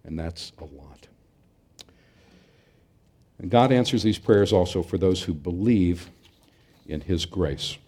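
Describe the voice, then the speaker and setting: A middle-aged man delivers a sermon, his voice sitting a bit low. He talks earnestly, pressing hard on the points he wants to land. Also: lively intonation, slow, pauses often, dark tone, breathy edge. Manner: earnest, emphatic, with occasional restarts. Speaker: pastor.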